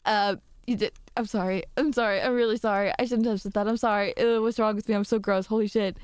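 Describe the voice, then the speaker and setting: Young woman streamer, giggly rambling chat, smooth clear voice, dry close sound. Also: medium pitch, fairly even intonation, fast, darkish tone, no room sound. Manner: giggly, rambling, self-deprecating. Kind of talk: casual chat with viewers.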